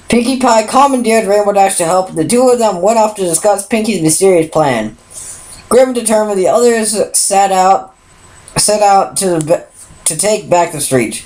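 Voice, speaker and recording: A woman's voice: mid-range voice, animated, normal speed, darkish tone, poor audio. A woman reading a pony fan story aloud, unpolished, stumbling and restarting often. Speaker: fan fiction reader.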